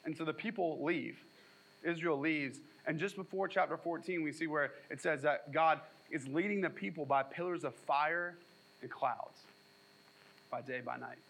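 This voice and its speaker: A man's voice: a little high, normal speed, gravelly, rough recording. A man preaching a sermon as pastor, reading scripture and retelling it with casual asides and jokes. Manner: animated storytelling with asides and jokes.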